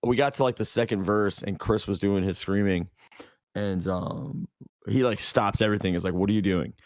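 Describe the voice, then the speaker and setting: A man's voice: lowish voice, moderate pace, no room sound, studio quality. A man co-hosting a podcast, telling a long story in casual chat, rambling with lots of fillers and restarts. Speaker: podcast co-host.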